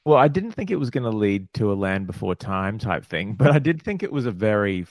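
A man's voice: fairly low pitch, very animated, brisk, a little mellow, no echo. A man co-hosting a podcast, chatting casually with jokes and laughs. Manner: jokey, laughing. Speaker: podcast co-host. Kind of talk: casual chat.

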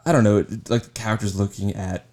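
A man's voice: fairly low pitch, fairly even intonation, fast, darkish tone. A man co-hosting a casual podcast, asking questions in a hesitant, searching way. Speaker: podcast co-host.

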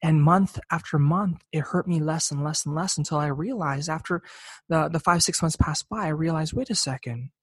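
Young male, personal testimony, earnest and reflective, slightly higher voice, dry sound. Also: moderate pace, breathy edge, no room sound. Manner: earnest, reflective, repeats words when emotional. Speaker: speaker sharing a faith testimony.

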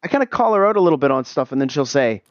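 A man's voice: a little high, very animated, very fast, dry recording. Man on a dull, dry remote mic. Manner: wry storytelling about home life. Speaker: podcast guest. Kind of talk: casual chat.

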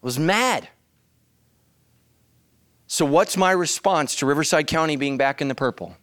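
A man preaching a sermon as the pastor, animated and bursting into loud shouts. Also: a little high, unhurried, no echo. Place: church.

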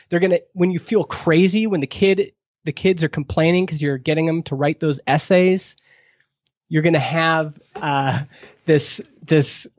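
Animated man acting out quotes. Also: no room sound. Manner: acts out quoted questions, pitch jumping up. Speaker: podcast guest, product marketer. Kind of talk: animated advice-giving in conversation. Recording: dull lo-fi dry sound.

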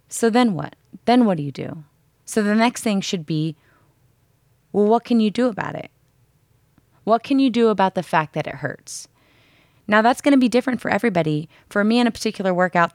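A woman's voice: medium pitch, expressive, normal speed, darkish tone, dry recording, clean studio sound. A woman speaking frankly and with some profanity in a casual coaching chat, acting out the voices in her head during workouts. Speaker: podcast co-host.

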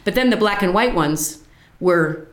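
Animated older woman telling war stories. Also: medium pitch, a little slow, roomy sound. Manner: animated, laughs through her stories. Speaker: veteran telling her story. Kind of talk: casual storytelling chat.

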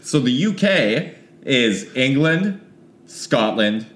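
Wry, animated man. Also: medium pitch, takes it slowly. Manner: wry, laughs easily, reads out news stories. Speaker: podcast co-host. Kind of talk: casual comedic chat. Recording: echoey room.

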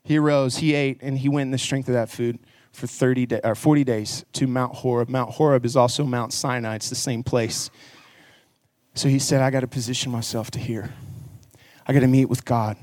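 A man preaching to a church congregation. His delivery is earnest and conversational, and it builds into emphatic stretches. His voice sits at a middle pitch, and it is recorded close and dry. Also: fairly even intonation, moderate pace, a little mellow, dry recording. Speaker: pastor. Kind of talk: sermon.

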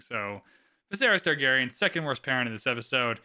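A man's voice: fairly high pitch, expressive, fast, sharp tone. A man co-hosting a podcast, talking casually and swearing freely as he gives his opinions. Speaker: podcast co-host.

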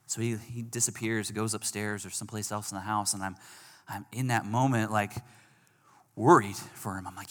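A man preaching a sermon, telling a personal story that moves between hushed and emphatic passages. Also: fairly low pitch, steady tone, moderate pace. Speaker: pastor. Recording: long hall reverb.

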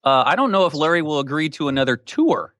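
Wisecracking man with a lively voice. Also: on the high side, fast talker, dry recording, studio quality. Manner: joking, wisecracking. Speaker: podcast regular answering listener questions. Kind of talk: casual podcast banter.

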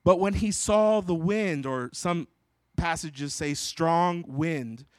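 Man preaching with lively acted quotes. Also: fairly high pitch, slow pace, no echo, studio quality. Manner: expressive, acts out Bible voices, loud on quotes. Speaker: pastor. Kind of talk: sermon.

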